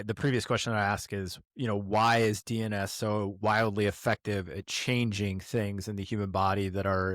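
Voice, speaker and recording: Low-voiced man hosting, rambling questions. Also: fairly bright tone, no echo, clean studio sound. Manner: loose, rambling questions with many fillers. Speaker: podcast host. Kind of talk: casual interview questioning.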